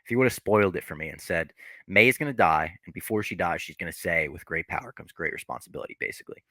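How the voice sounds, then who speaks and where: A man hosting a podcast, casually recapping a movie scene by scene, animated and profane, acting out the characters' lines. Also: low voice, fast, dry recording. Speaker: podcast host.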